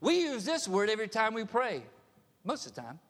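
A man's voice: sits high, huge pitch swings, brisk, a bit bright, long reverb tail. A male pastor preaching a sermon, emphatic, often asking the congregation questions. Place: church sanctuary.

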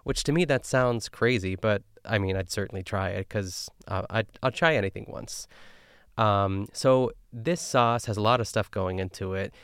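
Chatty man with a smooth low voice. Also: normal speed, dry recording, clean studio sound. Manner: chatty, filler-heavy, animated. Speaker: podcast host. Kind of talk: casual recap chat.

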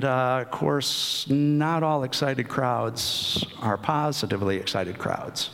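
A man preaching a sermon in an unhurried way, with frequent fillers and restarts. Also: medium pitch, a bit bright, clean tone. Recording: long hall reverb.

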